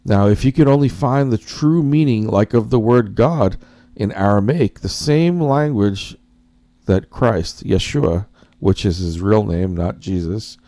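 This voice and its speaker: A man's voice: lowish voice, unhurried, warm tone, dry recording. A man hosting a casual reaction commentary, rambling and addressing his viewers as guys while he searches for words and corrects himself. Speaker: commentary host.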